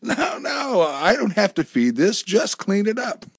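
A man's voice: very animated, unhurried, slightly rough, no echo, studio quality, exaggerated voice. A man reading a story aloud, voicing an exasperated wife who scolds her husband in a raised, pleading voice. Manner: pleading, scolding, higher pitched.

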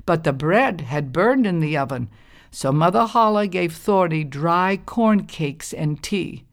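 A woman reading a storybook aloud with calm, measured, expressive narration. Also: fairly low pitch.

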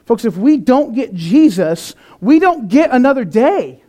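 A man's voice: very high-pitched, sing-song, a little slow, warm tone. A man preaching a sermon in an earnest, conversational way, with some restarts. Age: adult, past eighteen.

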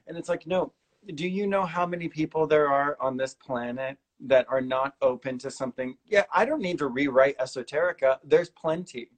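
A man hosting a podcast, talking in a casual, earnest and rambling way, sometimes mimicking other people with big jumps in pitch. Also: moderate pace, few pauses. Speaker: podcast host. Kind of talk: casual conversational interview.

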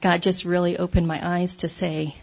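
A woman's voice: lowish voice, little pitch movement, moderate pace, vocal fry, husky. A woman giving a conversational devotional talk, candid and self-deprecating, laughing often as she speaks.

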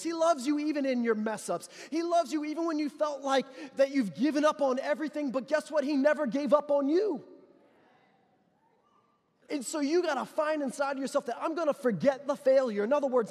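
A man preaching a sermon as pastor, impassioned and building to loud declarations with repeated phrases. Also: extremely high pitch. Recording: long reverb of a large hall.

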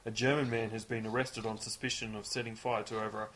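A man with a low voice trades dry, offhand jokes as a co-host on a casual podcast. His asides are quick and deadpan. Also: slight background noise, rough recording. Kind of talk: casual chat.

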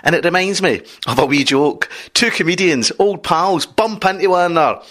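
Bright-voiced man hosting. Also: high-pitched, animated, moderate pace. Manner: jokey, tells short gags. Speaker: comedy show host. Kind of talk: interviewing comedians.

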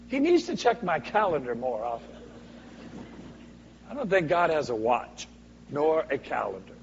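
A man preaching a sermon as a guest speaker, swinging from booming to hushed for dramatic effect. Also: sing-song, normal speed, gravelly, pauses often, a little hiss or hum. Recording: echoey hall, dull lo-fi sound.

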